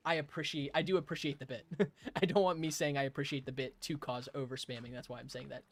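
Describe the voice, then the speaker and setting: A man's voice: mid-range voice, fairly even intonation, fast. A young man streaming a game, chatting casually with his live chat, playful, rambling and laughing often.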